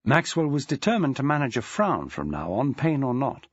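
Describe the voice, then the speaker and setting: A man's voice: medium pitch, wildly swooping pitch, moderate pace, slightly rough, no echo, lo-fi sound. A man narrating an audiobook in a dry, wry storytelling manner. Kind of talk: scripted narration.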